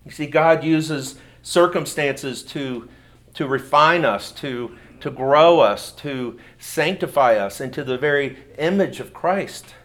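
A man's voice: fairly high pitch, slow pace, fairly bright tone. A man preaching a sermon in an earnest manner, often repeating words as he goes. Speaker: pastor.

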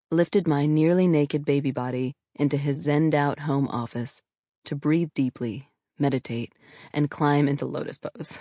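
Low-voiced woman reading her frank memoir. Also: warm tone, dry recording, clean studio sound. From New York, USA. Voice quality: candid, frank. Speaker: author reading her own book. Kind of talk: audiobook memoir narration.

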